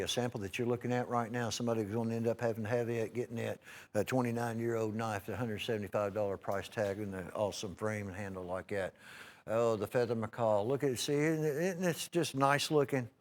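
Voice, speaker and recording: A man with a mid-range voice hawks knives in a live TV home-shopping pitch, folksy and rambling. Frequent "uh"s and false starts pepper his talk to the "folks" at home, and he clears his throat now and then.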